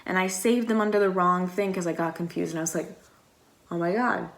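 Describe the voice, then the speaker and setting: This vlogger is a young American woman with a lowish voice who talks fast. Her long story comes out casual and rambling, packed with "like," and she acts out the quotes as she goes.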